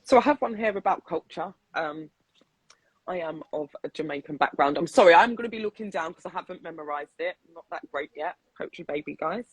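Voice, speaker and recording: A man from the UK chatting casually and reciting his spoken-word poetry over a video call, relaxed and rhythmic. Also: a little high, fairly quick, husky, no echo, poor audio. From United Kingdom. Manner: relaxed, laughs easily, rhythmic when reciting. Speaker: poet and guest.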